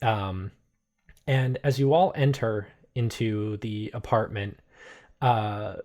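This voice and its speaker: A man narrating a tabletop game as game master, unhurried and full of filler words. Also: fairly low pitch, fairly even intonation, a little mellow.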